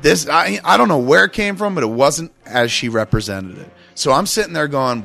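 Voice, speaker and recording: A man hosting a casual chat, telling a long story in an emphatic, profane, animated way. His voice sits a little high and swings widely in pitch. Faint music plays behind him. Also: normal speed, gravelly, hardly any pauses.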